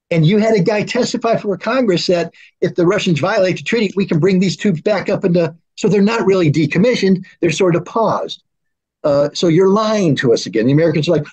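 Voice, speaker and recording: A man's voice: a little high, lively intonation, a little fast, darkish tone, breathy edge, rough recording. A man speaking as an arms control expert, talking heatedly and acting out quoted exchanges between negotiators. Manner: acts out both sides in mock dialogue. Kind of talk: animated political discussion.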